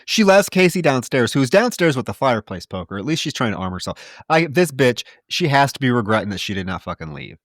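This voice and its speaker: Animated man recapping a plot. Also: medium pitch, a little fast, no room sound, clean studio sound. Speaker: podcast co-host. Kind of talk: casual movie-review chat.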